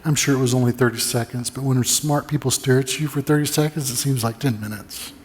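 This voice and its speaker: Male pastor, mid-pitched, chatty sermon delivery with frequent restarts, long church reverb. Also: steady tone, brisk, darkish tone, a little hiss or hum. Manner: conversational storytelling, repeats words as he restarts. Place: church sanctuary.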